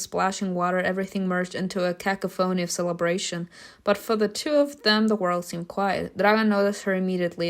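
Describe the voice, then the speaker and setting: A woman reading a story game's narration aloud, breaking off for loud, laughing reactions and casual swearing. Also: medium pitch. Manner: reads narration evenly, bursts into loud laughing outbursts. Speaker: streamer reacting to a story game.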